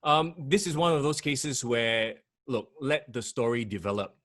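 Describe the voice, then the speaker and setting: A man's voice: mid-range voice, animated, moderate pace, a bit bright. A man co-hosting a podcast, emphatic and preachy in casual discussion. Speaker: podcast co-host and radio broadcaster.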